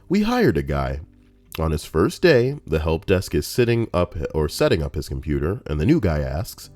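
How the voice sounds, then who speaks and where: Deep-voiced man ranting on a stream. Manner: rambling, profane, animated. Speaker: streamer reading Reddit posts. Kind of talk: casual livestream commentary.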